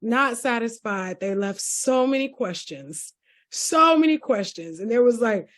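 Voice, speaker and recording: A woman co-hosting a podcast in casual chat, teasing her co-hosts and giving frank, quick-fire opinions. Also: fairly high pitch, lively intonation. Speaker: podcast co-host.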